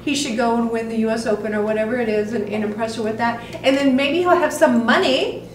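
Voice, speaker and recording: A woman's voice: on the high side, quick pace, slight background noise. A woman acting coach giving scene notes to an actor in an acting studio, animatedly acting out lines as she explains. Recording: echoey room, far from the mic.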